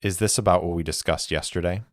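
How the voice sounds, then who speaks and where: A man's voice: deep voice, steady tone, fast, no echo, studio quality, lightly acted. A man voicing a guarded, stern young woman with clipped, wary lines.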